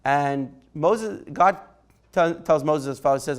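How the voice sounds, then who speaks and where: Rabbi teaching an informal Torah class. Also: male voice, on the high side, takes it slowly, clean tone. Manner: conversational, takes questions by name, asks "right?".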